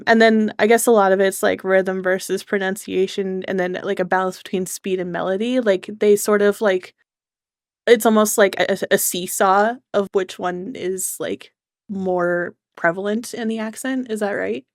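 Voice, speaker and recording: A woman's voice: medium pitch, steady tone, normal speed, dry recording, clean studio sound. A young woman hosting an interview, asking questions casually and filling her speech with "like". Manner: casual, heavy use of "like", curious. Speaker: VTuber host.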